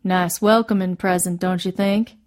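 A woman's voice: lowish voice, fairly even intonation, moderate pace, a little mellow, lightly acted. A woman voicing a wary rural father in middle age, with folksy, dry speech in a storybook reading. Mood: dry, guarded.

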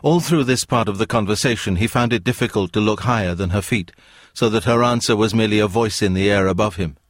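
Low-voiced man reading a novel. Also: quick pace, no room sound, clean studio sound. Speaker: audiobook narrator. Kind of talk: scripted narration.

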